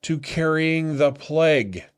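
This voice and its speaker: Stuffy man with lively pitch. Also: takes it slowly, clean tone. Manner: playful, teasing, bursts into high sung mock-screams. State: stuffy, coming down with a cold. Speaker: podcast co-host. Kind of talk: casual couple chat.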